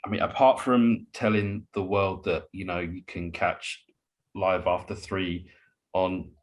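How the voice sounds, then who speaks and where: Deep-voiced male podcast co-host. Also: fairly even intonation, unhurried. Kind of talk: casual podcast interview.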